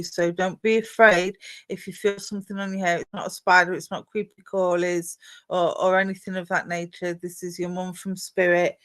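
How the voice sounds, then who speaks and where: During a live psychic card reading, a medium with a lowish voice talks directly to the viewer in a soft, reassuring tone. She relays messages through a warm, comforting patter full of endearments like "my darling."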